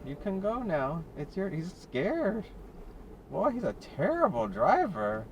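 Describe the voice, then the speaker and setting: Man, slightly high voice, chatty driving commentary, joking, exclaiming at traffic, noisy car interior, dash cam. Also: wildly swooping pitch, slow pace, far from the mic. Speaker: delivery driver vlogger. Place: inside a car in Las Vegas. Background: car and street noise.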